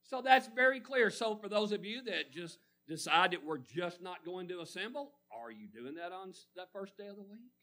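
Male preacher, high piercing tone, call-and-response delivery with surging emphasis. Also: expressive, normal speed, hardly any pauses, bright, forceful tone. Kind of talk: sermon.

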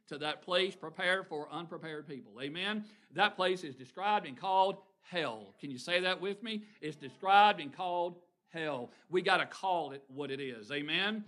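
A man preaching a sermon with call-and-response, moving between loud exclamations and quiet asides to the congregation. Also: sits high, normal speed, few pauses.

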